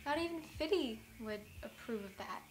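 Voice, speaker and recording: A woman's voice: on the high side, animated, normal speed. A young American woman in a casual vlog, telling a story in a rambling, self-mocking way, full of "like". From United States. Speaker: vlogger.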